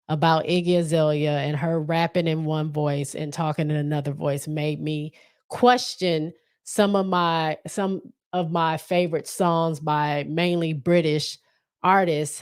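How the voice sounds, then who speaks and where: A woman's voice: low voice, fairly even intonation, unhurried, clean tone. A woman hosting a solo podcast, chatting casually and thinking aloud with frequent restarts. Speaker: podcast host.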